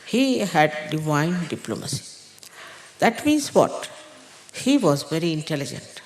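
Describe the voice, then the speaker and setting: A woman spiritual teacher giving an unhurried, halting spiritual talk to followers, with pauses and fillers. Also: low voice, sing-song, a little mellow. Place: large indoor gathering hall. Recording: echoey hall recording.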